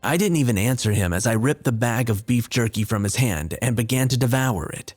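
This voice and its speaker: A man's voice: mid-range voice, animated, brisk, hardly any pauses. Man narrating a horror story. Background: faint music.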